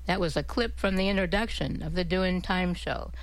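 A woman with a slightly low voice reads a formal radio announcement. Her read is clear and scripted, recorded close and dry. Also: normal speed, no echo, low-quality recording. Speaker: radio presenter.

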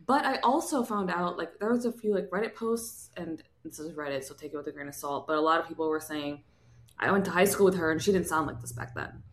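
A woman co-hosting a podcast in casual political chat, animated and emphatic, with exasperated asides. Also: on the low side, fast. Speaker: podcast co-host. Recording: roomy echo.

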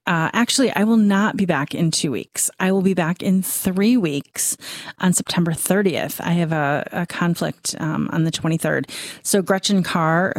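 Low-voiced woman hosting a radio show. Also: dry recording, clean studio sound. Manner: warm-hearted, chatty, with frequent ums and restarts. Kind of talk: casual sign-off of a community radio talk show.

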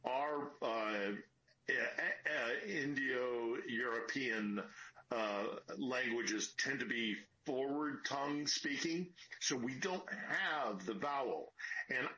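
A man's voice: mid-range voice, takes it slowly, bright, forceful tone, slight background noise. A man, a war correspondent, speaking by phone in an earnest, explanatory way, tired from lack of sleep. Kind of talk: phone interview. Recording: dull lo-fi phone line.

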